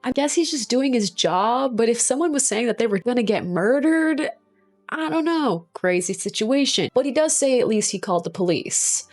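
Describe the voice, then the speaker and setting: A woman's voice: a little high, lively intonation, normal speed, a little mellow. Joking, profane woman recapping a film. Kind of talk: casual chat.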